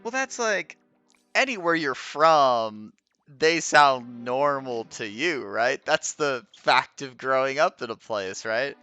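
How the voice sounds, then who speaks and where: A man's voice: mid-range voice, expressive, slow pace, pushed and bright, smooth, dry recording, lo-fi sound, faint music behind. A young man with a Midwestern American accent chatting casually with viewers while streaming a game, laughing often and trailing off as he reads.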